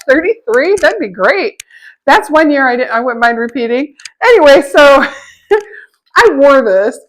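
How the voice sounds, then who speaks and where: A woman's voice: high-pitched, lively intonation, normal speed, fairly bright tone, poor audio. A middle-aged woman telling stories in a casual vlog, chatty, laughing often and acting out the voices of people she quotes. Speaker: vlogger.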